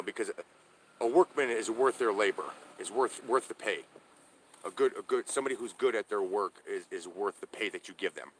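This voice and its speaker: A man's voice: lowish voice, a bit bright. A middle-aged man vlogging from his trailer, ranting to camera in a profane, aggrieved way and often restarting his sentences. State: homeless, living in a trailer. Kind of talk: casual rant to camera. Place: inside a parked trailer on a hot day. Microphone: handheld camera.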